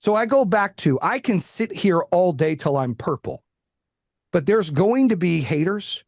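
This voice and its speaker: Middle-aged guy guesting on a podcast, fired up and swearing, higher voice, dry close sound. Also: measured pace, dry recording. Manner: blunt, profane, animated. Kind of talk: candid interview talk.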